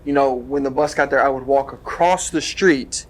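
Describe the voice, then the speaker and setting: A young man from Tennessee, a former wrestler, telling a story as a podcast guest in an animated, lively way with sound effects. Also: medium pitch, normal speed. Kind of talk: casual storytelling.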